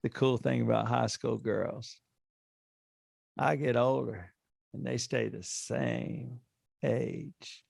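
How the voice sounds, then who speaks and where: Man putting on a laid-back drawling actor impression, slow and low. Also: animated, gravelly, a little mellow, slightly rough, no echo, clean studio sound, exaggerated voice.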